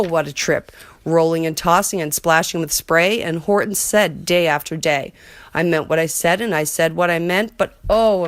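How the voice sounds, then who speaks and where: A woman's voice: on the low side, dry recording. A woman reading a rhyming children's picture book aloud as a storyteller, in a rhythmic way.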